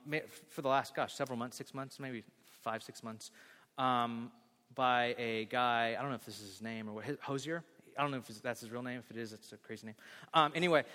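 A man with a mid-range voice preaches briskly in a church sanctuary, his words trailing a long reverb. The pastor keeps things animated, acting out scenes and joking with the congregation.

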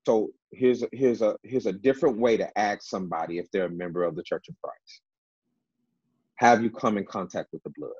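A man's voice: on the low side, a little fast, a little mellow, slightly rough, dry recording, dull audio. A man teaching from the Bible in a panel discussion, emphatic and repeating key words, with many fillers.

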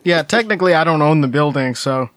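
A young man co-hosting a comedy podcast, tossing in dry, quick jokes. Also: a little high, animated, a bit bright, dry recording. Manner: dry, quick jokey quips. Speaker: podcast co-host. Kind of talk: casual comedy chat.

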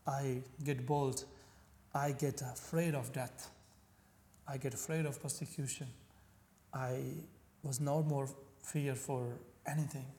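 A man from Pakistan, telling his personal faith story as an interview guest in earnest, halting English. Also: mid-range voice, steady tone, mellow, in a large hall. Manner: earnest, halting non-native English with restarts. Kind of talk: personal faith testimony in conversation.

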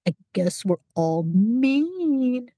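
Lady doing a smug bratty boy running the game, mocking, low-ish husky voice, dry. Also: a little slow, darkish tone, dry recording, exaggerated voice. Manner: mocking, offhand. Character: smug boy game master, callous and teasing.

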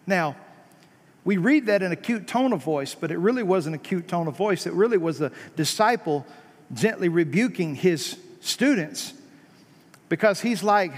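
A man preaching a sermon, talking conversationally with rhetorical questions and punching key lines with emphatic rises before dropping low. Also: animated, measured pace. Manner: emphatic, rising to high stressed peaks then dropping low. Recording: long hall reverb.

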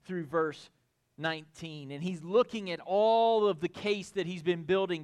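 Animated pastor preaching, high voice. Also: male voice, a little slow, smooth. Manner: animated, builds to excited shouts, folksy asides. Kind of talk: expository sermon.

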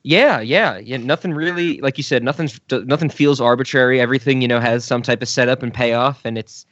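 A man's voice: mid-range voice, a little fast, a bit bright, no echo, highs cut off. A man co-hosting a casual film podcast in an easygoing, agreeable way. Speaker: podcast co-host.

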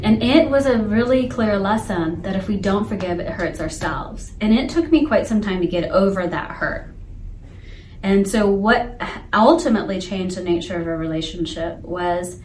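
A woman coaching on emotional intelligence, chatting casually as a co-host and telling her story with animated, laughing energy. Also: mid-range voice, moderate pace, echoey room, slight background noise. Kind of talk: casual chat.

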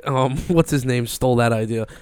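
A man's voice: medium pitch, a little fast, a little mellow, clear, resonant tone, no echo, clean studio sound. A young man chatting casually as a podcast host, rambling and swearing with lots of fillers. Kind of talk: casual chat.

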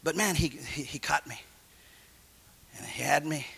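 A middle-aged man preaching a sermon and telling his own testimony in street slang, going from loud calls down to hushed asides. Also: on the high side, measured pace, vocal fry, breathy edge.

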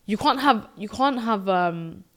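A woman's voice: medium pitch, lively intonation, a little slow, fairly bright tone. A young woman, chatting reflectively as a podcast co-host, with lots of filler words. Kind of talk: casual chat.

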